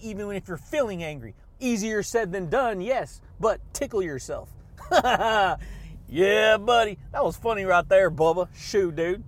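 A man hosting a motivational podcast monologue, hyped and energetic, laughing often and shouting catchphrases. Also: sits high, slight background noise. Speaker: podcast host.

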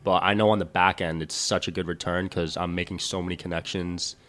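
Brief: young male guest, very low voice, a bit congested, calm and matter-of-fact, casual podcast talk. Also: a little fast. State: a little stuffy from a cold. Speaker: podcast guest, entrepreneur and speaker.

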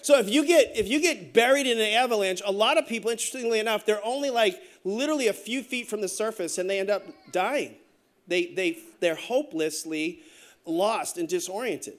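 High-voiced man preaching a jokey sermon. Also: brisk. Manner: joking storytelling asides, animated delivery. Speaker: pastor.

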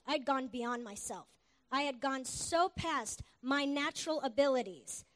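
A middle-aged woman preacher giving an earnest, animated sermon testimony. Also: sits high. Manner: earnest, animated, with quick asides and laughs.

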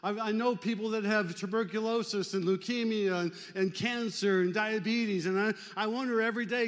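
An older man preaching a sermon as a pastor, talking conversationally with folksy joking asides and swinging between loud emphasis and hushed, quiet stretches. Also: high-pitched, normal speed, hardly any pauses. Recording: long reverb of a large hall.

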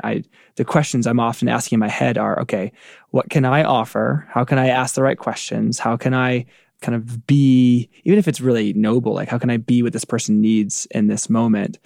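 Thoughtful gravelly man on a dry mic. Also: medium pitch, a little mellow, no room sound. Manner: thoughtful, searching, frequent "like" fillers. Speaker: podcast co-host. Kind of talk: reflective podcast conversation.

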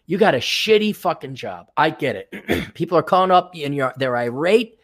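A man's voice: a little high, animated, moderate pace, a bit bright. A man hosting a podcast, ranting in an exasperated, sarcastic and profane way. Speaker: podcast host. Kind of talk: ranting monologue.

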